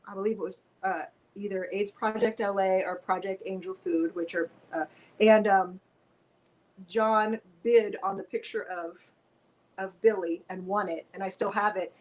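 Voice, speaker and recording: A woman guest on a video-call Q&A, chatting in a lively, rambling way. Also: mid-range voice, normal speed, low-quality recording. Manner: chatty, animated, tangents.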